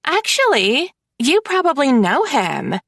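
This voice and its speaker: A woman's voice: high voice, huge pitch swings, takes it slowly, creaky, a bit bright, no room sound, studio quality, voice pushed up, exaggerated voice. Woman voicing a snarky bratty young mafia sister. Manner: snarky, mocking, gushing.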